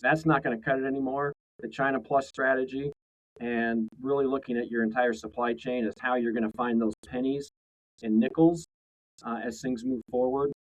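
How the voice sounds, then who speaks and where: A man's voice: mid-range voice, fairly even intonation, moderate pace, low-quality recording. A man in a mid-range voice co-hosts a laid-back trade podcast. He rambles, searching for words and restarting his sentences. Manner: rambling, many fillers and restarts. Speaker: co-host. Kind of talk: casual podcast chat.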